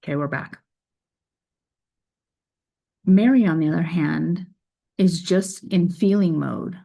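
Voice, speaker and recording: A woman with a deep, mellow voice reads a scripture passage and then talks it through in an earnest, reflective way. Her delivery stays conversational, with a gravelly edge of vocal fry running through it. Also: slow. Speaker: faith video creator. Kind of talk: scripture reading and reflective talk.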